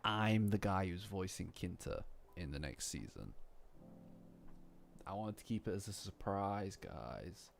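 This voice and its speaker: Animated low-voiced man chatting. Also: unhurried, creaky, a little hiss or hum. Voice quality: animated, rambling, self-deprecating. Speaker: streamer. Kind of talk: casual live-stream chat.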